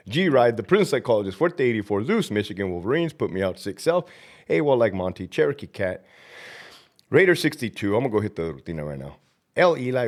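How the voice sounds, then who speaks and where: With a lowish voice, this vlog host, once a prison lieutenant, rambles and rants profanely. Between these stretches he reads out long strings of shout-outs to viewers.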